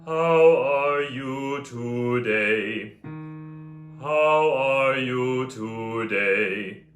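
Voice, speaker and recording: Slow-speaking male voice teacher, echoey room. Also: medium pitch. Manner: slow, calm instructive delivery with drawn-out chanted examples. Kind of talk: vocal lesson with sung demonstrations.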